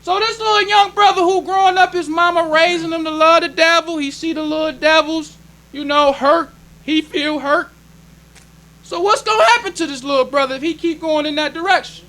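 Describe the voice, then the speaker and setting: A man's voice: extremely high pitch, moderate pace, bright, forceful tone. A male minister preaching a sermon in an emphatic, conversational way, drawing call-and-response from the congregation.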